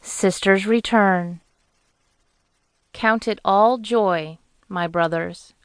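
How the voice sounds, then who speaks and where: A woman narrating a romance audiobook in a measured, even storytelling manner on a close studio mic. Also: on the low side, smooth, dry recording. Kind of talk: scripted narration.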